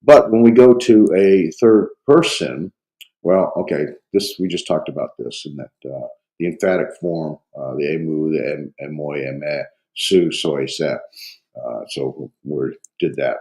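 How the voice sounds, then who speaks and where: A man with a low, mellow voice works through a grammar lesson while he has a cold. He pauses often, fills gaps with hesitant fillers and thinks aloud as he explains. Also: rough recording. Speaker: Greek instructor. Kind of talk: lecture reviewing grammar.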